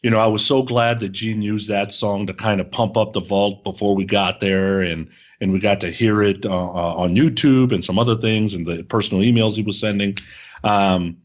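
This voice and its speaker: Eager fan guy on a podcast, lowish voice, muffled audio. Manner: enthusiastic, fan-like. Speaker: podcast co-host. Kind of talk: casual podcast chat.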